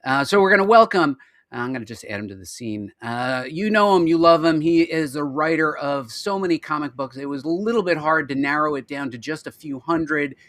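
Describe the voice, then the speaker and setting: Hosting a live show over video call, a man keeps things chatty and jokey, reeling off lists during casual live-stream chat. The voice sits a little high, fairly quick and slightly bright, on a dry recording.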